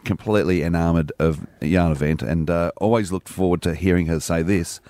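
A man's voice: low-pitched, fairly even intonation, a little fast, warm tone. A middle-aged Australian man, a radio co-host, telling a rambling, self-deprecating story in casual banter.

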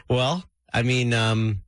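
A man's voice: medium pitch, a bit bright, dry recording. A man hosting a morning radio show, chatting casually, laughing easily and filling his talk with "like". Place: radio studio. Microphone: studio microphone.

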